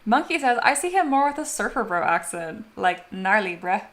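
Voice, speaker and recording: A woman's voice: high voice, big pitch swings, normal speed, fairly bright tone. A young woman chatting casually on her sculpting livestream, reading viewer comments aloud and laughing often. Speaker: 3D sculpting streamer.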